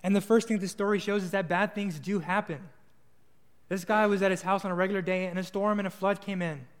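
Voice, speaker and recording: A young man gives a sermon in a loose, earnest storytelling manner, now and then restarting a word. His voice sits high for a man. The sound rings with the long reverb of a large hall. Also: steady tone, brisk, smooth. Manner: casual, earnest, with small restarts. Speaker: preacher.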